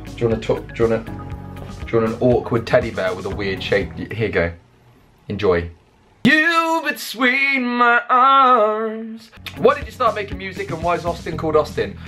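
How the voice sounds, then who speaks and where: A man's voice: mid-range voice, animated, faint music behind. Chatty, joking English man. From England. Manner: jokey, rambling, self-mocking, with quick restarts. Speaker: YouTuber and songwriter. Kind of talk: casual Q&A vlog.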